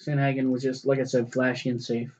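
A man's voice: medium pitch, little pitch movement, fairly quick, darkish tone, dull audio. A man co-hosting a casual fight talk podcast, rambling and swearing as he restarts his sentences. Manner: rambling, profane, restarts often. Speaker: podcast co-host. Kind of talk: casual chat about fights.

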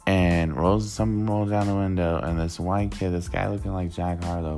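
Gravelly low-voiced man telling a story. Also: moderate pace, hardly any pauses, faint music behind. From Worcester, Massachusetts. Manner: rambling, profane, animated. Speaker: vlogger. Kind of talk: casual storytelling.

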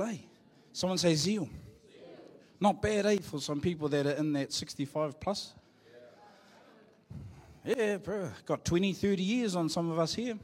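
A middle-aged pastor with a New Zealand accent, speaking a little high for a man. He preaches in a loose, joking way, talking to the people in front of him. His voice rings through a large church hall with a long echo. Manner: joking, talks to the congregation. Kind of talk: live sermon.

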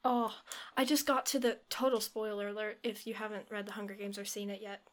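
A woman's voice: medium pitch, level tone, fairly quick. A young woman co-hosting a podcast, chatting casually, teasing her co-host and retelling stories with animation. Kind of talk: casual chat.

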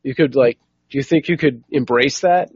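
A man's voice: mid-range voice, normal speed, husky, muffled recording. A man hosting a podcast in casual, easygoing chat who keeps steering the conversation back on track. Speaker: podcast host.

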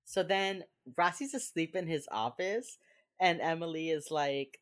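A young woman with a low voice and measured pace co-hosts a podcast, recapping a TV episode in chatty, casual talk. She uses lots of fillers and laughs while acting out the characters' lines.

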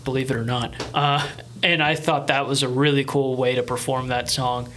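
A man's voice: medium pitch, flat delivery, moderate pace, a bit bright, a little hiss or hum. A young man co-hosting a podcast, chatting enthusiastically and rambling with restarts. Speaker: podcast co-host. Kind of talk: casual chat.

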